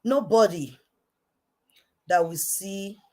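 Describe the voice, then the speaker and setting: Speaking slowly in a mid-range voice, this Nigerian-accented online commentator delivers a fervent rant to the camera. She repeats herself emphatically, veering from quiet intensity to shouting.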